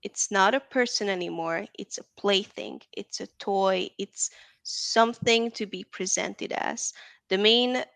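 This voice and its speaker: A woman's voice: medium pitch, a little slow, creaky, a bit bright, no echo. A woman from Texas, a guest in a casual interview, talking in a chatty, rambling way and laughing often.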